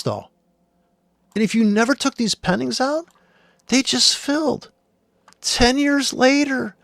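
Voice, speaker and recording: A man talks through trading charts in a blunt, exasperated rant full of swearing. His voice sits high for a man. The sound is dry and close, with no room echo. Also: gravelly, fairly bright tone. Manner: blunt, profane, exasperated ranting. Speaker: trader. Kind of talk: screen-share chart commentary.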